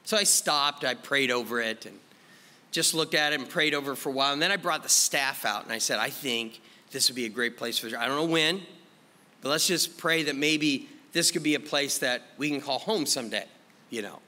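A man, a pastor, telling his testimony in an animated way, acting out his own past words. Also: mid-range voice, brisk, in a large hall. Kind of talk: testimony sermon.

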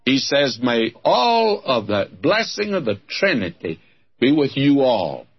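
A man's voice: medium pitch, sing-song, a little slow, breathy edge, dull audio. A man with a Southern American accent preaching a radio Bible sermon, fervent and exclamatory, calling his listeners friends.

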